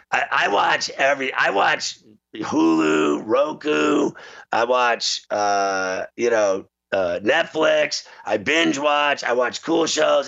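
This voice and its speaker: A male show host telling a comic rant in a loose, animated way, laughing often as he goes. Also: mid-range voice, gravelly. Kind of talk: casual comedic rant. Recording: slightly muffled lo-fi sound.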